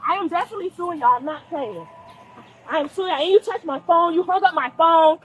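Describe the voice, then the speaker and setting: Agitated woman driver pleading with police, very high and bright, repeats herself, body-cam audio outdoors. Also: a little fast, slight background noise. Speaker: driver being arrested at a traffic stop. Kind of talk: heated argument with police. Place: outdoors at a roadside traffic stop. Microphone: police body-worn camera.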